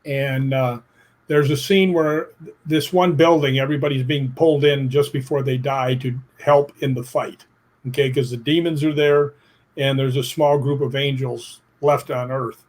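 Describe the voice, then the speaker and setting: A man's voice: medium pitch, moderate pace. A middle-aged man being interviewed, telling stories in a plainspoken, emphatic way and acting out what people said. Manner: animated storyteller who acts out quotes; emphatic, plainspoken, casual swearing. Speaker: guest. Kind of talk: interview storytelling.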